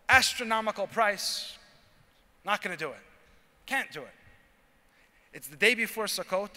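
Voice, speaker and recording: A man, a rabbi, giving a talk at a convention and telling a story, acting out the lines of its characters with lively energy. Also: high voice. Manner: animated storyteller acting out dialogue. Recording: reverberant hall.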